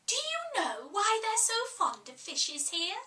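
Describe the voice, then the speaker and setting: A woman's voice: very high-pitched, big pitch swings, measured pace, pushed and bright, distant mic, pitched above the performer's own voice, exaggerated voice. A woman voicing a polite, curious young girl who speaks eagerly and a little hastily. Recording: echoey room, voice off-mic.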